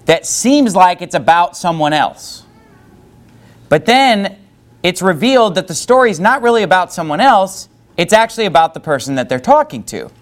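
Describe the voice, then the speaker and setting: A man preaching a sermon who reads scripture aloud and breaks into casual asides. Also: sits high. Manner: preaching with rising emphasis, reads scripture in King James wording; conversational asides with fillers. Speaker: pastor.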